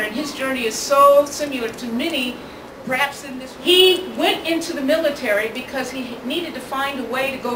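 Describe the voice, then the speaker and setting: A high-pitched woman delivers an earnest speech as a guest speaker, her voice bouncing around a reverberant venue. She sounds set back from the microphone, with steady room noise underneath. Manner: earnest personal storytelling. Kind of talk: public speech. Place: event venue with audience ambience. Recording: echoey, distant mic, noisy room.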